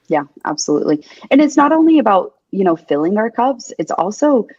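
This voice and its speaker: A woman's voice: medium pitch, big pitch swings, a little fast, a little mellow, husky, no room sound, muffled recording. A young adult woman, a paramedic guest on a podcast, talking bluntly and emphatically, swearing freely and repeating her points. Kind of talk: candid interview talk.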